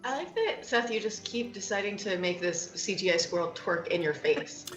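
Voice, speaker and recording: A woman's voice: medium pitch, expressive, normal speed, echoey room, muffled recording, soft background music. A young woman playing in a tabletop game, tossing in playful wisecracks with easy humor. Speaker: player. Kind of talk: casual chat.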